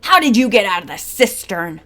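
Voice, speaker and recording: A woman voicing an angry, blustering male criminal who yells and sputters, in an audiobook. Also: mid-range voice, big pitch swings, normal speed. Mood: stunned. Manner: yelling, sputtering.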